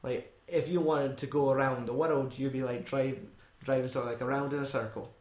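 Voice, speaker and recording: A Scottish man talking loosely about a film, with rambling, sweary asides and frequent laughter. His voice sits at a middling pitch. It carries a noticeable room echo. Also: steady tone, brisk, darkish tone. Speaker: podcast co-host. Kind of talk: casual film chat.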